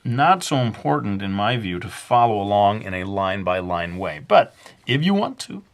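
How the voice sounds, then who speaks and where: A man with a somewhat low voice walks viewers through a drawing in a deliberately put-on Brooklyn accent. He rambles loosely, filling pauses with uhs and poking fun at himself as he sketches. The talk stays casual and conversational. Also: big pitch swings. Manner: jokingly putting on a Brooklyn accent; rambling and self-mocking, with many fillers. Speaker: drawing instructor. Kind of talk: casual drawing tutorial narration.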